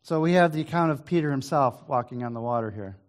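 A Bible teacher leads an informal study, reading the old scripture verses at a steady pace before slipping into loose, musing talk full of restarts and asides, clearing his throat now and then. His voice is mid-range and he speaks quickly.

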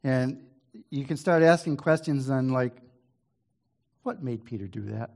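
A man giving an informal Bible study. He reads the old scripture verses at an even pace, then drops into loose, musing talk with restarts and asides, now and then clearing his throat. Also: medium pitch, a little slow. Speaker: Bible teacher.

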